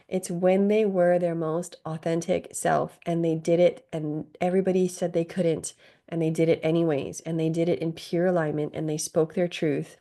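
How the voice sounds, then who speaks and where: A woman's voice: fairly low pitch, mellow. A woman from Hawaii, a business advisor guesting on a podcast, talking earnestly with many "like" fillers. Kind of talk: casual interview chat.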